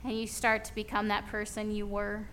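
A woman preacher giving a sermon in an animated storytelling manner, acting out bits of dialogue. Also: mid-range voice, moderate pace, a little hiss or hum.

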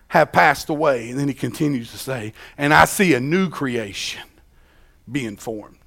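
Pastor, male, gravelly voice, dynamic sermon delivery from loud to hushed. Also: mid-range voice, normal speed. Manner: dynamic preaching, swinging from loud emphasis to hushed quiet.

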